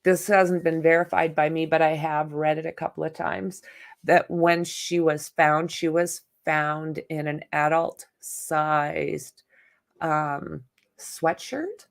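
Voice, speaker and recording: A woman hosts a relaxed true-crime livestream in an unhurried, gravelly voice. She chats, greets viewers by name and reads comments aloud, and she is blunt with spammers. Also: low voice. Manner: outspoken and exasperated with spam commenters. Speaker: livestream host.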